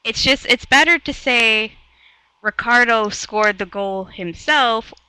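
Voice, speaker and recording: A woman from Canada teaching an online English lesson, patient and encouraging, explaining slowly. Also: a little high, pushed and bright, smooth, rough recording. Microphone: video call headset or laptop mic.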